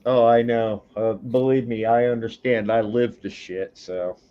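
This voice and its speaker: A man's voice: medium pitch, steady tone, unhurried, muffled recording. A man calling in to a stream over a video call, talking matter-of-factly and swearing casually. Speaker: call-in guest. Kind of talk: casual chat.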